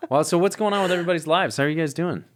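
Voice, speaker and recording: A man's voice: a little high, rapid-fire. A man hosting a podcast, joking through casual banter with his co-hosts. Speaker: podcast host. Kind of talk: casual chat.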